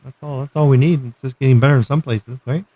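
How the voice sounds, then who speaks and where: A man's voice: medium pitch, steady tone, quick pace, mellow. A man hosting a tech livestream in casual chat, joking and reading out viewer messages.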